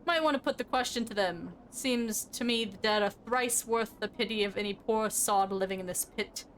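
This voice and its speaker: A woman voicing a gruff, weary male gravedigger in a game, with a slow, resigned drawl. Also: medium pitch, fairly bright tone, slight background noise, natural voice.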